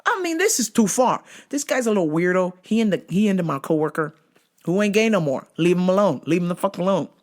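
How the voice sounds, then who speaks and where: A middle-aged woman hosting her show, telling a story in a casual, profane, animated rant, laughing often. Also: fairly low pitch, fast. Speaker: show host.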